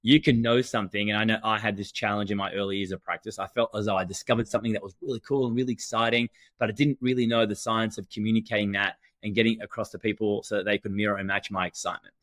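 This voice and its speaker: Man, podcast co-host, bright voice, dry sound, emphatic and energetic. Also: lowish voice, fast talker, hardly any pauses, no echo. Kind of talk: conversational podcast talk.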